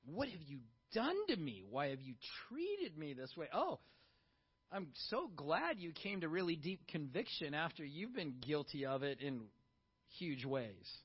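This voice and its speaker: A middle-aged man preaching a sermon in a conversational, animated way, full of rhetorical questions to the congregation. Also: on the high side, measured pace, breathy edge. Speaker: pastor. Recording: dull lo-fi sound.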